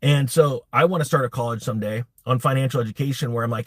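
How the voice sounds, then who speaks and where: A man's voice: mid-range voice, fast, few pauses, dry recording. A man hosting a live crypto stream, talking bluntly and rambling with many restarts. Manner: blunt, rambling, self-interrupting. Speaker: crypto YouTube host. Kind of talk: live-streamed casual rant.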